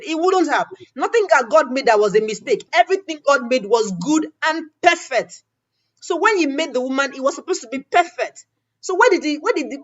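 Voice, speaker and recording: A woman hosts a conversational interview and tells her stories with animated quoted dialogue. Her voice sits fairly high. The audio sounds dull and lo-fi. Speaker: interview host.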